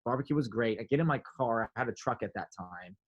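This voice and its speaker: A man telling a story in a casual interview, animated, filling his talk with "like" and acting out quotes. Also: on the low side, quick pace, dull audio. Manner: animated, many "like" fillers, acts out quotes. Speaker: podcast guest, drummer.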